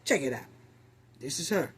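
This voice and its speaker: Animated woman commentating, husky voice. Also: low-pitched, moderate pace. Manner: animated, exclaiming, addresses audience as family. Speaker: commentary host. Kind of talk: casual commentary.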